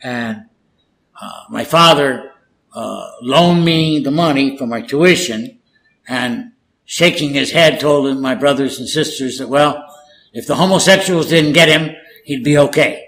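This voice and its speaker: Speaking unhurriedly in a gravelly, mid-range voice, this older guest from California, a one-time war correspondent whose first language is Spanish, spins casual interview stories. He's animated, performing the people he quotes, and the recording is rough.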